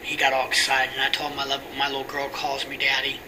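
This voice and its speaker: A middle-aged pastor telling a story in a sermon, often sinking to a hushed near-whisper. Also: male voice, mid-range voice, fast. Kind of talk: sermon testimony. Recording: distant mic with steady air conditioning hum.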